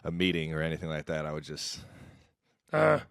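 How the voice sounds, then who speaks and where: A man from Ohio co-hosting a sports podcast in casual, playful chat, talking in an animated way with lots of "like" and casual swearing. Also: rumbling low, fast, smooth, no room sound, clean studio sound. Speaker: podcast co-host.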